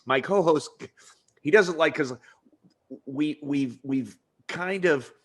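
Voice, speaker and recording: A man's voice: on the high side, takes it slowly, breathy edge. A man hosting a podcast interview in casual chat, rambling with lots of restarts and frequent laughter. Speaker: podcast host.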